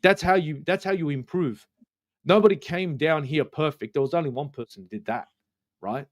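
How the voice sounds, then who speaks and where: A man's voice: on the high side, moderate pace. A man, ranting passionately about football on a live fan stream, swearing often and repeating his points for emphasis.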